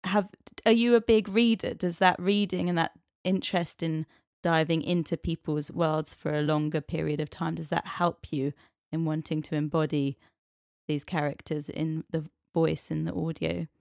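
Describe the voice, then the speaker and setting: A woman's voice: deep voice, fairly even intonation, normal speed, vocal fry, darkish tone, no room sound, clean studio sound. A woman hosting a podcast, asking long, thoughtful questions of her guests. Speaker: podcast host. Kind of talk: interview questions.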